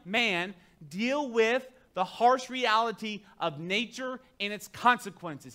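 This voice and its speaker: A man pastor delivering a sermon, preaching emphatically and talking straight to his congregation in a conversational way. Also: very high-pitched. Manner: emphatic preaching that swings between quiet asides and loud declarations.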